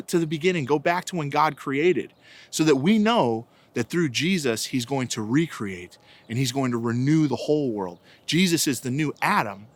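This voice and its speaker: Man giving a chatty faith reflection. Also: mid-range voice. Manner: conversational, anecdotal, frequent "right?" and "like". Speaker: diocesan director of evangelization. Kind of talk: informal catechetical reflection.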